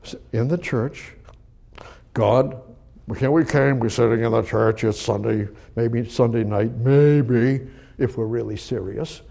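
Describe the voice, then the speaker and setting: Husky-voiced man preaching, talks to God. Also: mid-range voice, measured pace, warm tone. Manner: talks directly to God in rhetorical questions. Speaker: pastor. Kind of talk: sermon with Bible reading. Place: church service.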